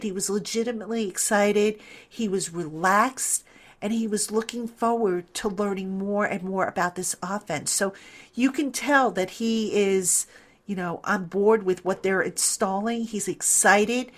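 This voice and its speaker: A middle-aged woman hosting a sports podcast, giving conversational, opinionated commentary with many fillers. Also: medium pitch. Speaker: podcast host.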